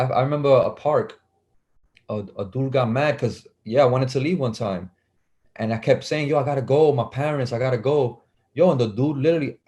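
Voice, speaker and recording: A man's voice: mid-range voice, dark tone. A young man, a basketball player telling stories as an interview guest, acting out the voices he quotes and laughing often. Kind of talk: casual storytelling.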